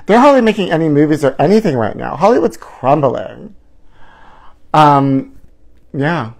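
A fairly high-voiced man runs a live celebrity gossip stream from his home, speaking in a sing-song way at a moderate pace. Campy and theatrical, he uses pet names for his viewers and makes dramatic swoops into mock outrage.

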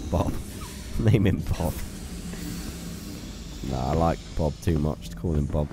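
A man's voice: extremely low pitch, slow pace, noisy background. A young man giving playful live gameplay commentary, chatting to his viewers and scolding an in-game character. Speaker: game streamer.

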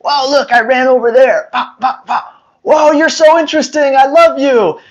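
A man voicing the thoughts of a playful, eager young puppy, wide-eyed and excited. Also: very high-pitched, normal speed, highs cut off.

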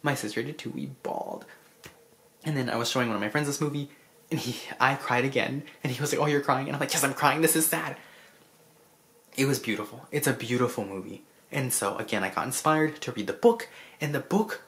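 A vlogger casually recapping a film in an effusive, rambling way, full of restarts and asides, clearly moved by the story. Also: medium pitch, a bit bright. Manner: emotional about the story.

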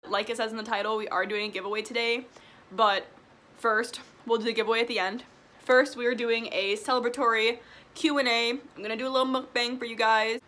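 This is a young woman from Illinois chatting to her viewers from home over lunch. Her voice is bright and fairly high. She rambles in an upbeat, casual way. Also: fairly even intonation, fairly quick, a little hiss or hum. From Wilmington, Illinois, USA. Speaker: vlogger. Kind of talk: casual chat while eating. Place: at home, indoors.

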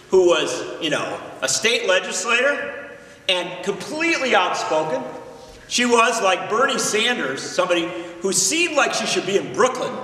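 Excited guy telling a story on stage, high bright voice, echoey hall, heard from far off. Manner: animated, chatty, uses fillers like "like". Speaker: speaker introducing a guest. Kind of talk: enthusiastic storytelling at a live event. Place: large hall with an audience.

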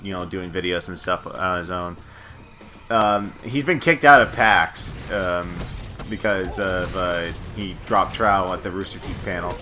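A man co-hosting a couples let's play, rambling, joking and swearing casually as he plays. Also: low voice. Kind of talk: casual gameplay commentary.

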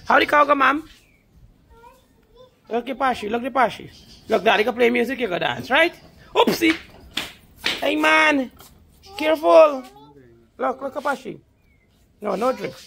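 A woman's voice: mid-range voice, gravelly, a bit bright, a little hiss or hum. A woman with a Guyanese Creole accent, chatting casually to her viewers while cooking at a backyard cookout and coaxing a small child. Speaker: vlogger cooking for guests. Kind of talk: casual cooking vlog chat.

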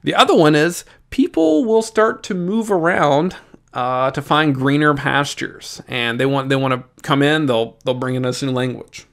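A man's voice: fairly high pitch, normal speed, gravelly. Upbeat Southern-accented male teacher. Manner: lively, jokey, talks straight to students. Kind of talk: exam review lesson.

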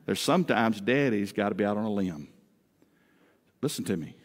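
A man in the pulpit delivering a Father's Day sermon, his voice sitting in an ordinary middle range. He mixes homespun family stories and humor with emphatic rises and hushed drops. The sound carries a long reverb from the church hall. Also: medium pitch, sing-song, quick pace. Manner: folksy storytelling with humor; emphatic, swings between loud rises and quiet drops. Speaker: pastor. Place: church sanctuary.

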